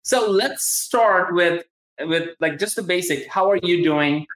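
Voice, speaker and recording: A man's voice: high voice, measured pace, a bit bright. A man with a Southern accent hosting a live interview over a video call, enthusiastic and rambling, with many restarts. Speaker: podcast host. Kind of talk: casual live-stream interview. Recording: roomy, echoey room sound.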